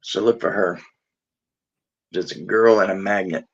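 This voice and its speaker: A man's voice: low-pitched, fairly even intonation, measured pace, breathy edge. A man co-hosting a casual livestream, matter-of-fact as he sorts out technical problems. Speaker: stream co-host. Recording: dull lo-fi audio.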